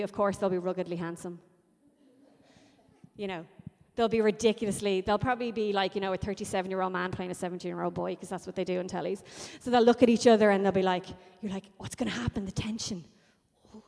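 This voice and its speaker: Brief: a woman preacher, mellow and conversational, recorded in a reverberant hall. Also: mid-range voice. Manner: conversational, animated storytelling. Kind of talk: sermon.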